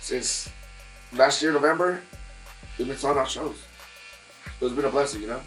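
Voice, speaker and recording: Guy chatting at a barbershop, mid-pitched voice, rambly story full of fillers, some music faint in the back. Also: moderate pace, fairly bright tone, low-quality recording. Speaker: guest musician. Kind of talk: casual chat.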